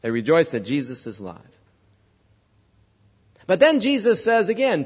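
A man's voice: fairly high pitch, wildly swooping pitch, moderate pace, pauses often, breathy edge, big-room sound, muffled recording. A male pastor preaching a sermon, conversational, telling a story and asking the congregation questions. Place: church.

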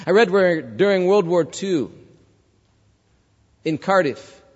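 A man's voice: high-pitched, expressive, slow pace, big-room sound, lo-fi sound. A male pastor preaching a sermon, conversational, telling a story and asking the congregation questions. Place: church.

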